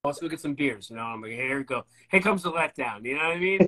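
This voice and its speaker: A man, a band's bass player, telling stories in a casual, rambling, profane way during an interview. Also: fast, crowd noise, low-quality recording. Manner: profane, rambling, animated storytelling.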